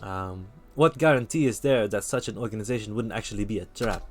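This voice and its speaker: A man voicing a worldly bar patron who tells dark stories, in a put-on, vaguely Russian accent with a measured, lowered delivery while reading game dialogue aloud. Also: close to an everyday voice. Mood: storytelling. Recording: faint music behind.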